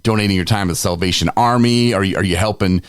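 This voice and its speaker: A man's voice: low voice, fast, clean tone, no echo, clean studio sound. A young adult man co-hosting a podcast in a casual chat, telling candid stories and acting out the people in them. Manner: candid, storytelling with quoted voices and laughs. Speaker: podcast co-host.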